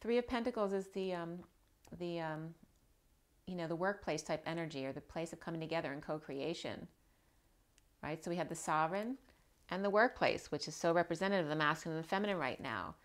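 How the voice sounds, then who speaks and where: A woman with a fairly low voice gives a loose, rambling tarot reading. She circles back on her words and keeps checking in with the listener. Her tone is casual and conversational. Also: a little fast. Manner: rambling, repeats herself, frequent "right?" check-ins. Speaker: tarot reader.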